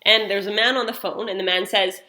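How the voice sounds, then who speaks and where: Woman, 30s-40s, church mom, casual storyteller, bright crisp voice, filler-heavy delivery. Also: mid-range voice, fairly even intonation, a little fast. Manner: chatty, rambling, full of fillers and restarts. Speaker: mother leading a church welcome and prayer. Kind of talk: casual storytelling and spoken prayer.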